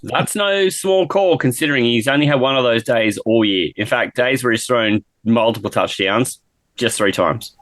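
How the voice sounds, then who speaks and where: A man's voice: mid-range voice, normal speed, fairly bright tone, dry recording. Australian male co-host, joking profane banter, dry recording. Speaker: podcast co-host. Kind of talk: casual sports chat.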